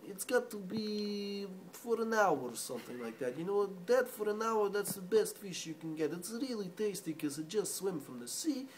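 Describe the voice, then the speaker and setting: A man's voice: high-pitched, very animated, moderate pace, few pauses, voice pushed up. Brief: man putting on Russian accent, salesman boasting, faint hiss. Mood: boastful. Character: boastful Russian fish shopkeeper.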